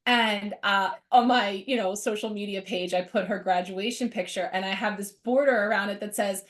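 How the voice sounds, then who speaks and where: A woman's voice: medium pitch, steady tone, moderate pace. A middle-aged woman co-hosting a casual spiritual chat, reflective and lifting her voice for quoted thoughts. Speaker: co-host.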